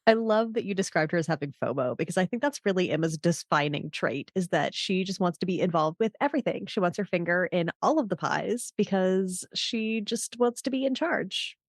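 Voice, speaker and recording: Low-pitched woman speaking eagerly. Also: animated, a little fast, few pauses, dry recording, studio quality. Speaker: podcast guest. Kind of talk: casual chat.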